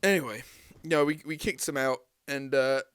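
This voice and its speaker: A man's voice: medium pitch, normal speed, smooth. A young man, a podcast host telling a story in casual chat, swearing often and acting out what people said. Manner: animated storyteller, swears a lot, acts out voices.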